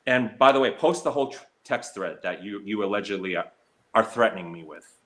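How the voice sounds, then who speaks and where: A man's voice: animated, fairly quick, a bit bright. A man on a live stream, talking in a hurt and heated way, stumbling over fillers and restarts. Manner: mocks others in a shrill high voice when quoting. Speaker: slots streamer. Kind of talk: emotional live stream talk.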